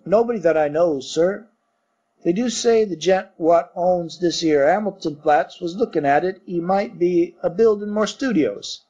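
A man voicing a coarse young Cockney bellboy who talks in blunt, rough working-class grammar, in a storybook reading. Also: sits high, measured pace, warm tone, voice pushed up. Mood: gossipy. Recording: dull muffled recording.

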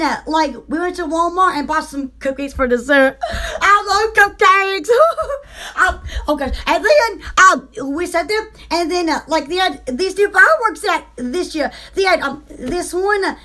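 A woman's voice: very high-pitched, moderate pace, pushed and bright. A woman hosting a casual livestream, chatting in a giggly, rambling way. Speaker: channel host.

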